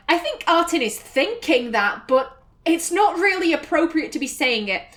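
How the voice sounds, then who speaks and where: A woman's voice: high voice, big pitch swings, normal speed, a bit bright. A woman with a Northern English accent, chatting and musing aloud as she plays a game. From Northern England. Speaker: let's play host. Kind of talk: gameplay commentary.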